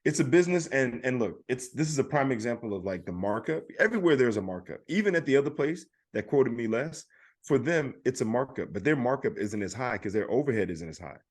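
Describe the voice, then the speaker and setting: A man's voice: medium pitch, lively intonation, brisk. A man co-hosting a podcast, telling a story in casual chat and acting out the other people's lines. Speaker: podcast co-host.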